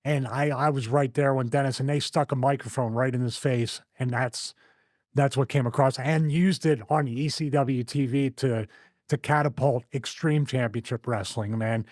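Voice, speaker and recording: A man hosting his own show from a home studio, chatting casually with a rough, strained voice and playing with dramatic pauses. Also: mid-range voice, fairly even intonation, darkish tone, dry recording. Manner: theatrical, plays with dramatic pauses and wrestling-style vocal impressions. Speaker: host. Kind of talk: casual podcast chat.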